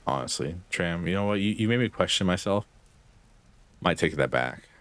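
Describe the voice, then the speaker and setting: A man's voice: sits low, animated, normal speed, a bit bright. A young man streaming a game, chatting with his viewers in a rambling, sarcastic way and swearing casually. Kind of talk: casual gameplay chat with chat.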